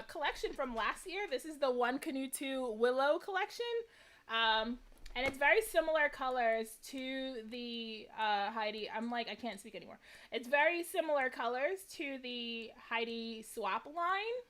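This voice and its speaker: A woman hosts a live crafting stream, her voice sitting high and moving a little slowly. She chats casually and animatedly with her viewers, using plenty of fillers.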